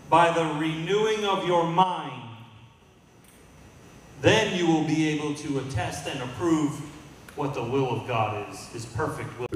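In a church sanctuary, a male pastor with a fairly high voice preaches to his congregation, drawing call-and-response from the room. A distant mic captures the echoey hall along with a little hiss or hum.

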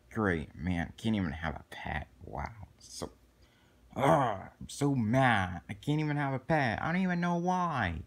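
A sulky young boy chick, as a man puts him on in a home-made puppet movie. He whines about chores and mutters complaints under his breath. His pitch sits in an ordinary middle range. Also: very animated, a little slow. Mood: grumbling. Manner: whiny and grumbling, muttering to himself. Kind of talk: hobby home-movie role-play.

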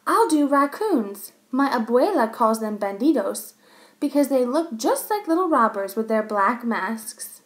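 A woman's voice: on the high side, big pitch swings, unhurried. A woman voicing an eager young schoolchild in a children's story read aloud.

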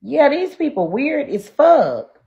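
A woman livestreamer ranting at her live chat, brash, loud, profane and combative. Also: high voice, sing-song, slow pace, dull audio.

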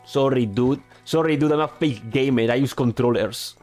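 A man's voice: normal speed, darkish tone. A man streaming a game, speaking English as a second language, rambling and joking at himself about his push-to-talk microphone. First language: not English. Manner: rambling, self-mocking, restarts often. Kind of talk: casual gaming chat. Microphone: gaming microphone with push-to-talk. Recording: low-quality stream audio with faint music.

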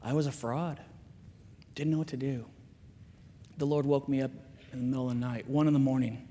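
A man giving a candid, self-mocking, animated storytelling talk at a school chapel. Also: medium pitch, fairly quick, slight background noise. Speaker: chapel speaker. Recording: long reverb of a large chapel.

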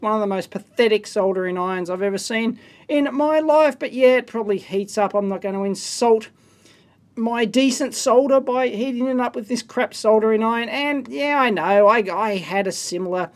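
A middle-aged man hosts an electronics video, opening viewer mail while commenting casually. His remarks are exclamatory, bluntly scornful and full of rambling asides, delivered in a high-sitting voice at a moderate pace.

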